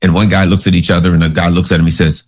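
A man's voice: sits low, little pitch movement, racing, a little mellow. A man giving casual, sarcastic political commentary, rambling through stories and asides.

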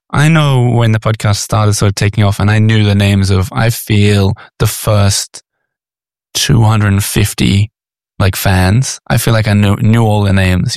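Gravelly-voiced Australian man hosting. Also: on the low side, darkish tone, dry recording. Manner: chatty, hesitant restarts, playful. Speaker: podcast host. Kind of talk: conversational interview.

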